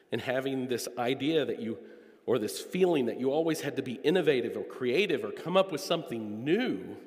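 Guy preaching a sermon, earnest and emphatic, mid pitch, hall echo rings out. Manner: earnest, emphatic, drawn-out stresses. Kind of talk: expository sermon. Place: church sanctuary. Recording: long echo of a church hall.

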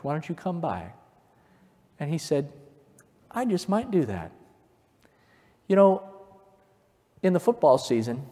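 A male pastor preaching a sermon, telling stories and building from quiet to fervent emphasis. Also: on the high side. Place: church sanctuary. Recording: long reverb of a church hall.

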